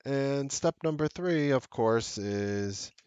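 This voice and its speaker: A man's voice: medium pitch, animated, slow pace, darkish tone, clean tone, no room sound, highs cut off. A man teaching a trading strategy over a chart, stressing key points and repeating them for emphasis. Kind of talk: screen-share trading lesson.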